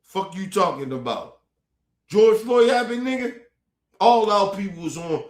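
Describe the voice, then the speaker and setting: A fired-up man rants on his stream in a high voice that swings wildly up and down. His talk is profane and repetitive, and the roomy echo of the space trails each line. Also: lively intonation, a little slow. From United States. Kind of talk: heated commentary rant.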